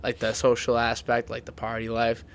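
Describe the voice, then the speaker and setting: A man's voice: mid-range voice, monotone, normal speed, a bit bright. A young man hosting a podcast in casual chat, rambling with lots of "like" fillers. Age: young adult. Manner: rambling, filler-heavy with frequent "like". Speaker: podcast host.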